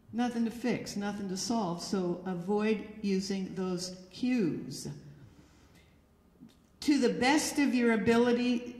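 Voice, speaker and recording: In a church hall with long, echoing reverb, a woman lecturer with a medium-pitched, darkish voice addresses an audience through a handheld or stand microphone. Her presentation offers direct, instructive advice.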